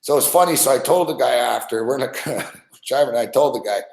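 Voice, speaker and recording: A man's voice: mid-range voice, fairly quick, vocal fry, a little mellow. A man hosting a podcast, telling a story in a loose, profane way and laughing often as he goes. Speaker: podcast host. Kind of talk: casual storytelling. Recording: echoey room.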